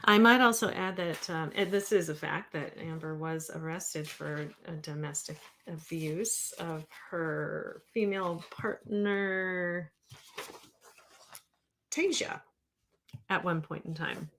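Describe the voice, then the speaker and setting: A woman's voice: lowish voice, slow pace, a bit bright, slight background noise. A woman in her fifties, a therapist hosting a livestream, talking casually and rambling as she reads viewer comments aloud. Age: 50s.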